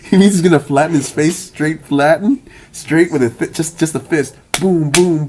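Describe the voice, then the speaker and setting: A man's voice: a little high, a little slow, soft background music. A man telling a rambling, profane story, stammering and repeating words as he goes and often laughing. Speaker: vlogger. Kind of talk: rambling monologue.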